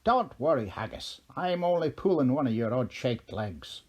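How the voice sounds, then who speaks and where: A man's voice: medium pitch, big pitch swings, normal speed, darkish tone. A man voicing a mischievous, teasing old leprechaun king in a lilting, playful storybook voice. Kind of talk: storybook character voice.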